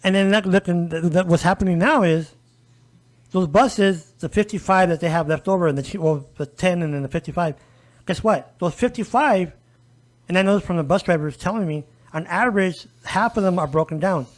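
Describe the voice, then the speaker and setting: A man's voice: high voice, brisk. A man speaking as a guest advocate in a conversational podcast interview, emphatic and often turning to listeners with "folks" and "okay?". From El Paso area, US.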